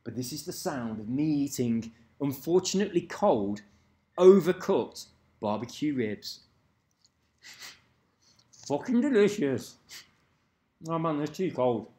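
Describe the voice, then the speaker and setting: A man's voice: a little high, sing-song, takes it slowly, pauses often, mellow, roomy sound. A man chatting casually and rambling on, cursing now and then, at home. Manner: rambling, loose, swears casually. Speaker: video commentator. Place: at home, moving away from the mic.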